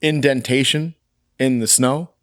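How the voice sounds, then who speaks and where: A man co-hosting a film podcast, chatting casually and recapping with quick asides. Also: mid-range voice, fairly even intonation, a bit bright. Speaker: podcast co-host. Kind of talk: casual chat reviewing a film.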